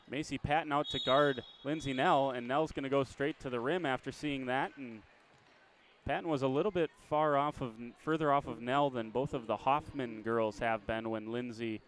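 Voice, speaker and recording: A man calling a high school basketball game play-by-play, chatty and quick to correct himself with a small laugh. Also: a little hiss or hum. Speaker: play-by-play announcer.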